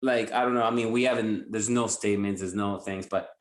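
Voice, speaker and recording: A man's voice: lowish voice, fairly even intonation, brisk, reverberant, low-quality recording. A male guitarist guest chatting casually and enthusiastically in an interview, rambling with lots of fillers.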